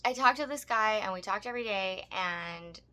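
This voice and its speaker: A woman with a bright, forceful voice tells a personal story in loose, casual chat. She is blunt and profane and laughs easily as she goes. Her pitch sits in an ordinary middle range for a woman. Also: moderate pace. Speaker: podcast co-host.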